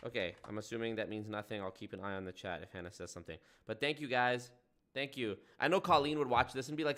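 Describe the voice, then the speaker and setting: Young male streamer, casual and sarcastic, swears freely, mid-pitched voice, loose rambling delivery. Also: lively intonation, quick pace, pushed and bright. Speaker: livestream host.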